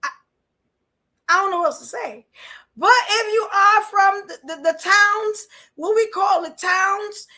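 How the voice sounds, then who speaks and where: A woman's voice: extremely high pitch, unhurried, pauses often, low-quality recording. A woman host with a Brooklyn accent, reacting and chatting bluntly to her audience. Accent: New York. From Brooklyn, New York. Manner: animated, laughing, blunt. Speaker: podcast host. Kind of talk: casual reaction commentary.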